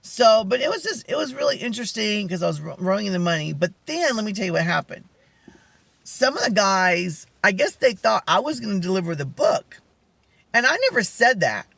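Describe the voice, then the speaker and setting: A man with a soft, feminine-sounding voice telling a rambling story in a casual vlog chat. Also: high-pitched, brisk, vocal fry, no echo. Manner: rambling, animated storytelling with many asides. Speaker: vlogger.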